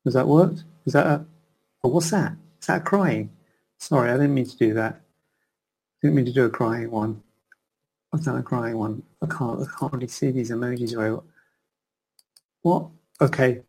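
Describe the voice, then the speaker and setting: A man's voice: mid-range voice, normal speed, pauses often, darkish tone, slightly rough. A middle-aged man, a plastic surgeon, answering questions in a rambling, chatty live session from his computer. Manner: chatty, rambling, self-interrupting. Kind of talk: live Q and A chat.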